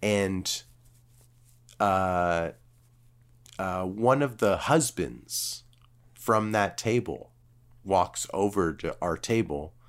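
Casual, lower-voiced man telling a story. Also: extremely slow, pauses often. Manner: swearing, filler-heavy, animated retelling.

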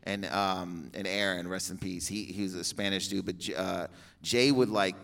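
A man's voice: low voice, steady tone, normal speed, creaky, a bit bright. A young man telling a long comedic story on stage, rambling, swearing and laughing often.

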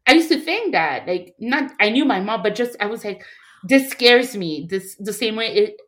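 A woman from Montreal in her thirties speaks as an interview guest in a mid-pitched voice. Her telling is candid and emotional, full of false starts and restarted sentences. She often slips into the voices of the people she quotes. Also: lively intonation, normal speed, a bit bright. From Montreal, Canada. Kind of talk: candid personal storytelling.

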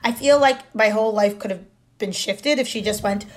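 Her voice is mid-range and she talks fairly quickly. This young podcast co-host keeps the chat casual, telling stories with animation, acting out quotes and laughing a lot.

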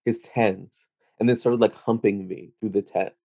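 Gravelly young man telling stories. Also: fairly low pitch, fairly even intonation, moderate pace, warm tone, no echo. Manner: rambling, heavy on "like". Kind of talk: casual storytelling chat.

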